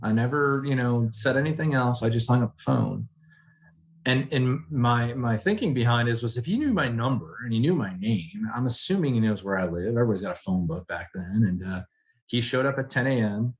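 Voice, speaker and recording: A man speaks as a guest on a podcast. He tells his story in an animated way, acts out the people he quotes, and laughs often. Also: mid-range voice, a little fast. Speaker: guest, general manager.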